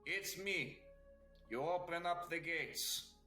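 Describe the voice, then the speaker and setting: A man voicing a big, lumbering trunked brute who talks bluntly in broken, gruff sentences. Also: a little high, slow pace, pushed and bright, soft background music, voice pushed up. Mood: gruff welcome.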